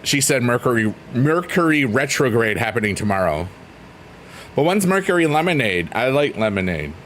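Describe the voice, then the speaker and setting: A man's voice: mid-range voice, big pitch swings, moderate pace, a bit bright, slight background noise. A man casually chatting on a livestream, reading out chat messages in a rambling, playful, teasing way. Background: faint piano music.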